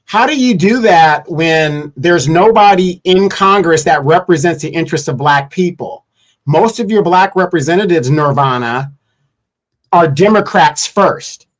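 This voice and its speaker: Lecturing high-voiced man livestream host. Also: unhurried. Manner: lecturing, makes pointed arguments, sarcastic asides. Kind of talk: casual political commentary.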